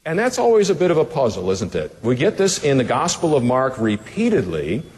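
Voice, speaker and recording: A man's voice: medium pitch, huge pitch swings, fairly quick, darkish tone, big-room sound. A man as pastor teaching a Bible passage in a conversational sermon, putting rhetorical questions to the listeners in a casual way with fillers.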